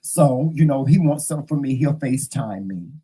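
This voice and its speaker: A man chats to camera in a lively, sassy storytelling manner, talking straight to his viewers. His voice is mellow and warm, with a husky, slightly rough edge, at a middling pitch. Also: fairly quick, poor audio. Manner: animated, sassy storytelling, addressing viewers directly. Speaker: vlog host. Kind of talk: casual chat to camera. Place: upstairs room at home.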